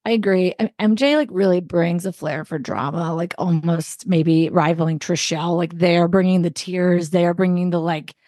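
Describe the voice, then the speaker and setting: A woman with a lowish voice shares thoughtful opinions as a podcast co-host. She talks in an easygoing way, with small laughs between her points. The recording is dry and close. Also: fairly even intonation, moderate pace, hardly any pauses, warm tone, no echo. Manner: reflective, easygoing, laughs lightly. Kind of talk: casual chat.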